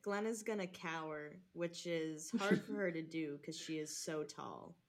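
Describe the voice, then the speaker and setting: A woman describes her character's actions in a tabletop role-play game. Her voice is low but swings widely in pitch, and she speaks in a playful, comic way. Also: lively intonation, unhurried. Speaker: player.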